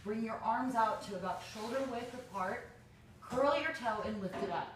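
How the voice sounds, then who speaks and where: A woman leads a yoga tutorial in an encouraging, step-by-step way. She sits back from the mic, so her voice comes across a bit distant. The room adds a clear echo around it. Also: a little high, moderate pace, slight background noise. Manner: encouraging, talks the viewer step by step through a pose. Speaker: yoga instructor.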